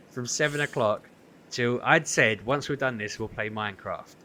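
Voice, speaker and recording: A man's voice: medium pitch, moderate pace. A man, co-hosting a podcast, telling a story in casual chat and acting out what people said. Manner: animated storytelling, acts out quotes. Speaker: podcast co-host.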